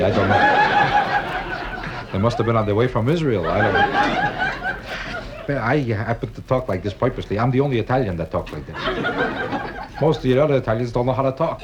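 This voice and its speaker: A man doing stand-up comedy on a nightclub stage, with a deadpan, kvetching, sing-song delivery. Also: mid-range voice, moderate pace, pauses often. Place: nightclub stage before a live audience. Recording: 1962 live album with audience noise.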